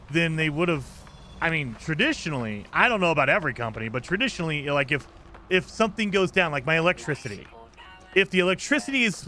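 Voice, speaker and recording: A male game streamer chats casually and rambles on, his voice bright and forceful. It sits a touch higher than most men's, with a faint hiss of noise underneath. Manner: rambling, ranting, reads chat aloud. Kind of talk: casual live-stream chat.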